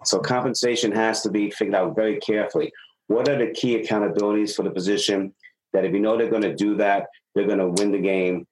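A middle-aged man, a sales consultant being interviewed on a podcast, explaining ideas and acting out stories with lively dialogue. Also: on the low side, fast talker, rough recording. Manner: animated storyteller, acts out dialogue.

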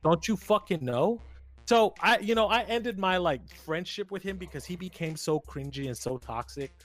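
A man's voice: sits high, moderate pace, a bit bright, faint music behind. A man co-hosting a casual podcast, telling a story animatedly with slang and plenty of swearing. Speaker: podcast co-host. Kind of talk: casual chat.

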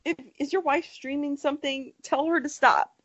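A woman's voice: high-pitched, steady tone, normal speed, no room sound. Rambling woman on a dry lo-fi call. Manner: rambling, filler-heavy, acts out quotes. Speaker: podcast co-host. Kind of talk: casual podcast chat. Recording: dry, dull lo-fi online call.

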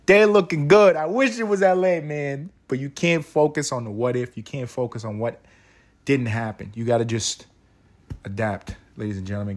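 A man hosting a solo podcast from his bed, ranting in a rambling, profane, animated way. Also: medium pitch. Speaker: podcast host. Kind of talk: solo casual podcast rant.

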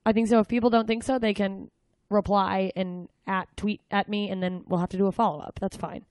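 A woman hosting a podcast, asking quick, chatty follow-up questions in a casual interview. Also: medium pitch, flat delivery, darkish tone, dry recording. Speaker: podcast host.

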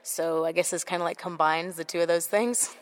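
A woman's voice: on the low side, a little fast. A young woman from the United States, a wrestler answering interview questions casually, laughing often and filling her talk with "like". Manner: giggly, relaxed, many "like" fillers. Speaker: wrestler guest.

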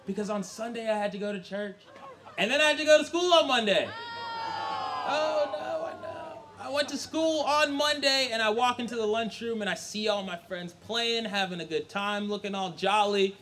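A young adult man telling a personal story live, animated and laughing, acting out voices. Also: high voice, brisk, slight background noise.

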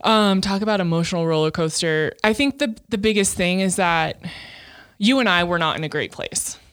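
A woman's voice: lowish voice, normal speed, a bit bright. A woman in her thirties co-hosting a podcast, speaking openly and emotionally, with frequent laughs and fillers. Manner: open, emotional, laughs often, many fillers. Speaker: podcast co-host. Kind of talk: candid casual chat.

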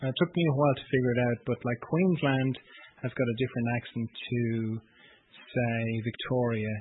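A man chatting casually in a relaxed way, trailing off and correcting himself as he talks. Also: medium pitch, brisk. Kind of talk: casual chat. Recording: tinny phone-like call audio.

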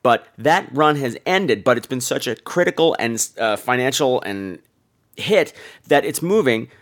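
Animated, swearing male podcast host. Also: mid-range voice, unhurried. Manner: animated, profane storyteller. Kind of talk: casual monologue.

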